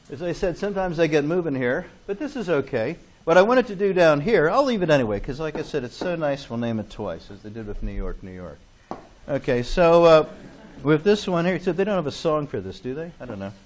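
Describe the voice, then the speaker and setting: A man's voice: fairly high pitch, big pitch swings, a little fast. A man lecturing a chemistry class in a classroom, chatty and joking, often checking in with "okay?". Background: students in class.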